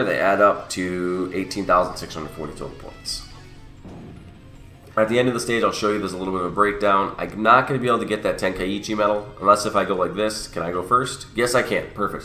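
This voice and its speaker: Here a young man with a fairly low pitch and sharp tone speaks in a reverberant room. Sniffly from a cold and somewhat under the weather, this gaming channel host explains a mobile game in casual walkthrough commentary, self-correcting throughout.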